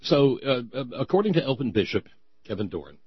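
Sarcastic male host of a satire segment; husky voice, close dry mic. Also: mid-range voice, very animated, fairly quick, no echo, lo-fi sound. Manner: sarcastic, mocking, stumbling restarts. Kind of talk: satirical comedy monologue.

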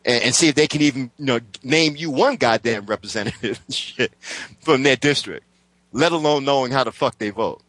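A man's voice: medium pitch, moderate pace, fairly bright tone, dry recording. Man ranting with heavy profanity. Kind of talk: casual political chat.

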